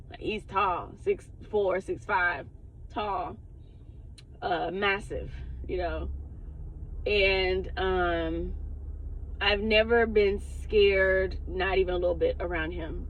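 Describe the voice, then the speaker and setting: A woman's voice: medium pitch, slight background noise, low-quality recording. A woman who works as a spiritual advisor, telling a personal story in a casual vlog, candid and heavy on the cursing. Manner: profane, candid, laughs often.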